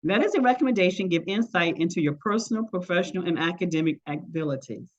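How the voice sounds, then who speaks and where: A woman's voice: lowish voice, expressive, fast talker, muffled recording. An older woman, a retired teacher, presenting an online workshop and telling stories with acted-out quoted voices. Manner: storytelling, acts out quoted voices. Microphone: video call.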